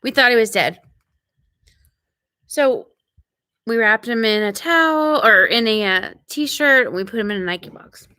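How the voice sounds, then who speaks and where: A woman hosting a ranch live stream, telling a story in an animated, quick way and acting out what people said. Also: fairly high pitch, dry recording. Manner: animated, quick retelling with acted-out quotes. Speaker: ranch channel host.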